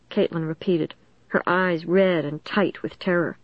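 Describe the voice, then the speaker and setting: A woman narrating a first-person suspense story in a steady, dramatic storytelling manner. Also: lowish voice, measured pace, no room sound, highs cut off. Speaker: audiobook narrator.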